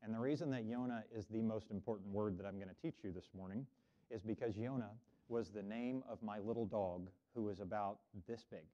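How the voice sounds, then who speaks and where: A man's voice: fairly low pitch, fairly quick, mellow. A middle-aged man, a minister giving a friendly children's sermon in a church and having the kids repeat words after him. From Oklahoma. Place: church sanctuary. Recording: dull lo-fi church recording.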